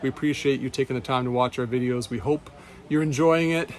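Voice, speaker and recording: A man's voice: mid-range voice, fairly even intonation, fairly quick. Chatty man vlogging in his shop. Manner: chatty, upbeat, laughs easily. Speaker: retro game store owner. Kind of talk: casual store vlog. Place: indoor retro game store.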